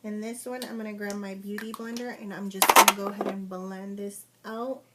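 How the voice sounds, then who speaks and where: A woman's voice: mid-range voice, little pitch movement, fairly quick, heavy background noise. A young woman walking viewers through a makeup tutorial, chatty and casual, giving step-by-step directions with fillers. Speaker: makeup vlogger.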